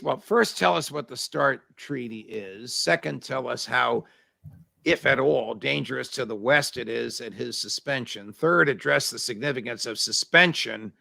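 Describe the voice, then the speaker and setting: A man's voice: mid-range voice, normal speed, creaky, bright, forceful tone, no room sound, studio quality. A man hosting an interview show, directing the talk and laying out his questions point by point. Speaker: show host.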